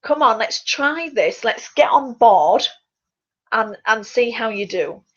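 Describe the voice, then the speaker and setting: A woman with a somewhat high voice talks casually into her computer mic, chatty and a bit rambling, tripping over the odd word. The sound is dull and lo-fi, like a video call from a small, quiet bedroom. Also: expressive, takes it slowly. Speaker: fitness coach and public speaker. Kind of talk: casual chat to webcam. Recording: dull lo-fi webcam audio.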